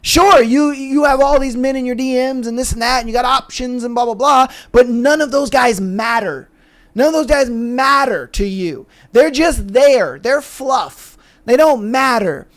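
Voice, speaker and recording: A man's voice: very high voice, normal speed, a bit bright. Emphatic, argumentative male podcast host. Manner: argumentative, emphatic, rhetorical questions. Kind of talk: casual podcast commentary.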